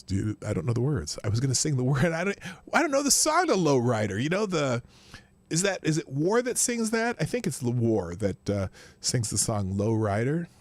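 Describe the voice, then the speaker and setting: A man's voice: a little high, no echo. Chatty man hosting a live stream. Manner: rambling, greets viewers by name, chuckles often. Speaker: live-stream morning show host. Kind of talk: casual live-stream chat.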